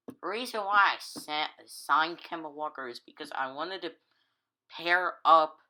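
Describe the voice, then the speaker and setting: A man's voice: on the high side, bright, forceful tone, low-quality recording. A gaming YouTuber talking casually over his basketball video game, rambling and correcting himself as he goes, a little tired. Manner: rambling, halting, self-correcting. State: tired, yawning.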